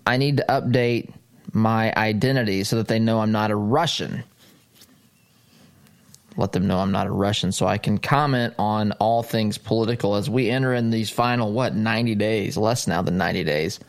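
A man hosting a talk radio show, talking casually and rambling with frequent restarts. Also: lowish voice. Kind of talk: host-read ad.

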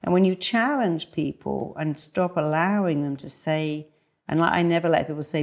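A woman's voice: low voice, moderate pace, darkish tone. A woman therapist speaking as an interview guest, emphatic and acting out the voices she quotes. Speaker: hypnotherapist guest. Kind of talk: conversational interview.

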